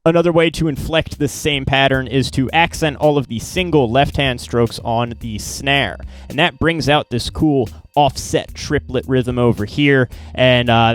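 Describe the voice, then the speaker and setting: A man teaching drum patterns in an informal, relaxed way, counting strokes aloud. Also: mid-range voice, a little hiss or hum. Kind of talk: instructional explanation.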